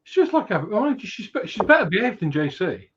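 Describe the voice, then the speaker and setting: Very animated and quick, a high-pitched man co-hosts a livestream, teasing his friend, reading the live chat aloud, and laughing easily in casual conversation. The audio is dull lo-fi stream sound with a little hiss or hum.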